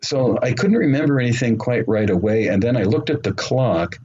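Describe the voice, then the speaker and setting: A man telling his story as an interview guest, earnest and unhurried, with frequent ums and uhs. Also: mid-range voice, expressive, a little mellow, husky. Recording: muffled remote call audio with faint noise.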